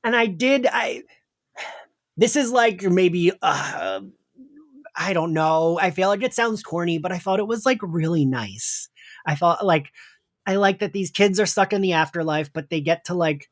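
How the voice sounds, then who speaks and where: A man's voice: high voice, lively intonation, measured pace. Chatty man rambling as podcast co-host. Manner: chatty, rambling, full of "like" and restarts. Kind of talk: casual chat.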